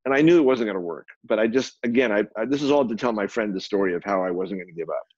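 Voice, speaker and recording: Husky man telling a story fast. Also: on the low side, dry recording, lo-fi sound. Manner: animated, acts out quoted dialogue, frequent restarts. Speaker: photographer and publisher, guest. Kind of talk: storytelling anecdote in an interview.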